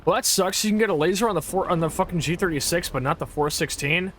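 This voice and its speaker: A woman's voice: fairly low pitch, fast talker, fairly bright tone. A woman livestreaming a game who talks loosely and profanely, stumbling through fillers and restarts as she answers chat. Her casual chatter runs between reactions to what happens on screen, with faint noise in the background. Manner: rambling, profane, full of fillers and laughs. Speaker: game streamer.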